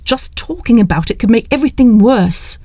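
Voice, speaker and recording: A woman's voice: fairly high pitch, animated, a little fast, warm tone, no echo, voice pushed up. A woman voicing a stern, guarded middle-aged uncle with clipped, tense lines.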